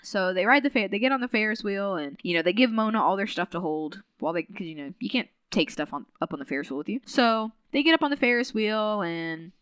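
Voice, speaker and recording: A chatty woman podcast host retelling a novel's plot in a loose, filler-heavy way, slipping into the characters' lines as she goes. Her voice is smooth and clear, and the recording is close and dry. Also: mid-range voice, animated, fast, few pauses, a bit bright, dry recording. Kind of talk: casual book recap.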